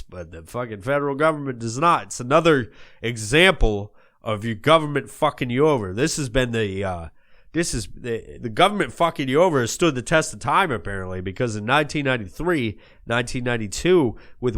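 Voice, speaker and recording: A man hosts a comedy show in character, ranting in a profane, rambling way. His voice sits at an ordinary middle pitch, swinging between loud bursts and low mutters. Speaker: comedy podcast host in character.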